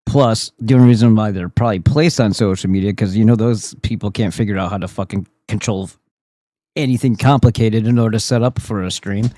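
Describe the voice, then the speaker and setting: A man streaming and reacting to clips, talking in a rambling, profane way with many halting restarts. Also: on the low side, warm tone, no echo. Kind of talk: profane casual commentary.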